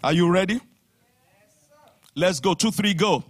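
A man's voice: high voice, measured pace. A man with a Nigerian accent preaching a fervent sermon and leading the congregation in spoken declarations. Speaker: pastor.

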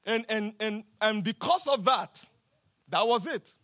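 A man preaching a sermon as pastor, repeating phrases for emphasis and swinging between loud declarations and hushed lines. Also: sits high, animated, a little slow.

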